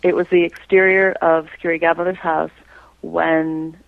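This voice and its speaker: A woman's voice: on the low side, little pitch movement, normal speed, creaky, no echo, phone-quality sound. A woman being interviewed about her own artwork, chatting casually and breaking into playful impressions. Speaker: creator and artist being interviewed.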